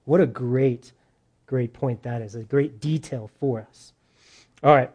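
Animated preacher man, mellow tone. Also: medium pitch, unhurried, slightly rough, dull audio. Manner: animated, rising loud on points. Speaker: pastor. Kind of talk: sermon.

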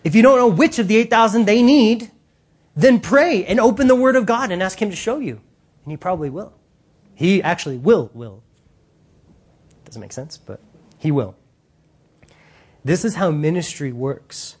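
A man preaching a sermon in an animated, casual way, using slang and acting out voices. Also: sits high, moderate pace, pauses often, slightly rough.

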